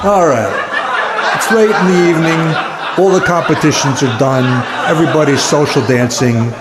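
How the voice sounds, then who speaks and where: A man telling dance jokes in a rapid, punchy stand-up delivery. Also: on the high side, very noisy. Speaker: comedian. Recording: echoey hall.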